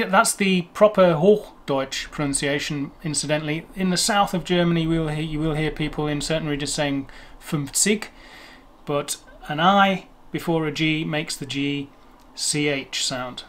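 A man's voice: fairly high pitch, normal speed, a bit bright. Chatty Englishman explaining pronunciation. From England. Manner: chatty, rambling, self-correcting. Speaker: language video host. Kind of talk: explaining to camera.

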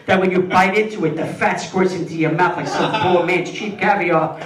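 An older man performing a stand-up routine, telling an animated story and drawing out slow, savoring passages. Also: high voice. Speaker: stand-up comedian. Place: comedy club stage. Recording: roomy club sound from a distance, loud audience. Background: audience laughter.

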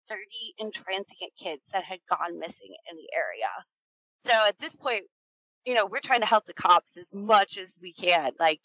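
A woman's voice: mid-range voice, sharp tone, dry recording, dull audio. A woman in her thirties telling a frightening true story in a casual, rambling way, full of fillers and swearing. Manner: tense, keyed-up retelling.

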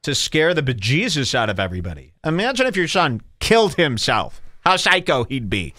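A man hosting a comedy podcast, ranting in a mocking, sarcastic way and jumping into put-on high voices. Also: huge pitch swings, fairly quick, bright, forceful tone, no echo, studio quality. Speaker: podcast host. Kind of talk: provocative comedy podcast rant.

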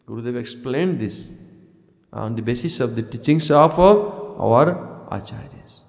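A man's voice: medium pitch, moderate pace. A man giving a devotional lecture, asking rhetorical questions and chanting verses. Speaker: spiritual teacher. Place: ashram hall. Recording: echoey hall reverb.

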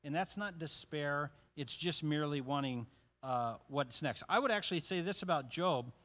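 A man's voice: fairly high pitch, normal speed, a bit bright. A man leading a church Bible study in a casual, conversational teaching style, with joking asides and frequent restarts.

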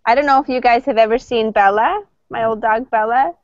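A woman's voice: fairly high pitch, brisk. Canadian woman, conversation teacher, casual and filler-heavy, dull lo-fi call sound. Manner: chatty, with frequent fillers and restarts. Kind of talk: casual storytelling to a class.

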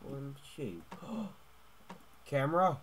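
Young man, gaming commentary, lively pitch, hushed to yelling, desk mic, faint noise. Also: very slow. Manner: excitable, swings from hushed muttering to yelling, keeps adding "mate". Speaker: gaming YouTuber. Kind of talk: let's play commentary.

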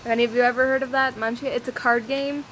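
A young woman rambles through a casual daily vlog while walking outdoors on a windy day. Her voice sits a little high, she jumps from topic to topic and teases herself, and faint outdoor noise runs underneath. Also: level tone, quick pace, a bit bright, low-quality recording. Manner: rambling, scattered, self-deprecating. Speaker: vlogger. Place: outdoors on a windy, rainy walk. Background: wind and outdoor ambience.

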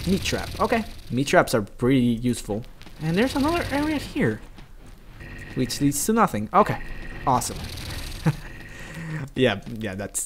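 A man giving chatty, excitable gameplay commentary, talking to his viewers. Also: mid-range voice, background noise. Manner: excitable, chatty, yelps and laughs at the game; talks directly to viewers. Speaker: let's play gamer.

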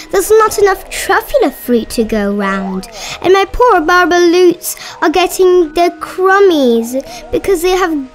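A woman voicing a small, fussy old male forest creature who scolds and pleads in a high voice. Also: full character voice. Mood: pleading.

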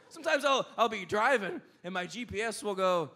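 A man doing an excitable stand-up set on a club stage. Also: fast talker, few pauses, slight background noise. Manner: excitable, shrill bursts. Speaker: stand-up comedian.

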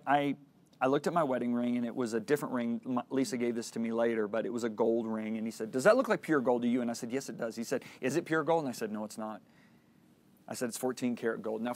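A middle-aged man teaches a Christian course through a personal story. He speaks earnestly, at a middle pitch, and slips into the voices of the people he quotes. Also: a little mellow. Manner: earnest storytelling, acts out dialogue.

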